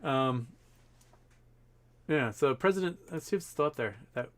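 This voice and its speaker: A man's voice: fairly high pitch, expressive, fast. Rambling man hosting a livestream. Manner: rambling, filler-heavy, profane asides. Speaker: livestream host. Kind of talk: casual livestream commentary.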